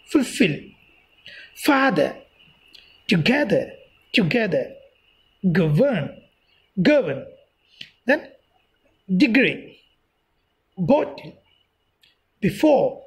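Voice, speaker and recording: A woman teacher walking through a textbook exercise, repeating words slowly to demonstrate pronunciation. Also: mid-range voice, poor audio.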